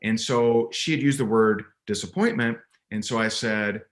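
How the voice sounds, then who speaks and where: Man, low voice, business coach, interview guest, emphatic storytelling, frequent restarts. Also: normal speed. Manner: emphatic, repeats words when restarting a thought.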